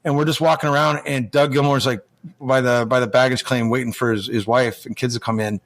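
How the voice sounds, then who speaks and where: A man's voice: mid-range voice, little pitch movement, fairly quick. An American man, a former hockey player, telling long stories in a rambling way, with many restarts and acted-out quotes. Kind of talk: casual storytelling.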